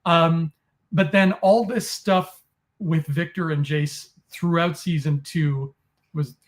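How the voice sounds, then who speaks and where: A man in a casual chat, animated, acting out his own reactions as little quotes. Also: fairly high pitch, slow pace.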